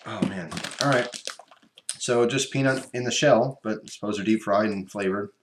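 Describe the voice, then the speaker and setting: A man's voice: lowish voice, normal speed. Rambling man tasting snacks, echoey room. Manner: rambling, chatty, talks while chewing. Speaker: vlogger. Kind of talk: casual unboxing and taste-test vlog. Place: room at home by his computer. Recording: echoey room with background noise.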